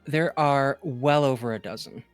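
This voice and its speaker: A woman narrating as game master of a tabletop game, calm and descriptive. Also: very deep voice, a little slow, no room sound, soft background music.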